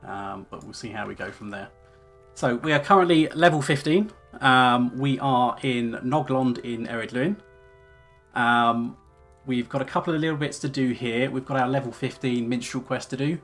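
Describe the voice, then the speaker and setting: A man's voice: mid-range voice, normal speed, faint music behind. A man streaming a game, chatting casually with lots of fillers and reading quest text aloud. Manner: relaxed, rambling with many fillers. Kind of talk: casual let's-play commentary.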